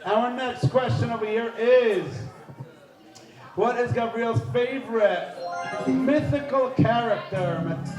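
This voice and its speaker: A man hosting a live quiz game at a party, energetic and playful, shouting out countdowns to the crowd. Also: very high voice, slow, pauses often. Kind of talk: lively live event hosting. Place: large indoor party hall. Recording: echoey hall with music and crowd.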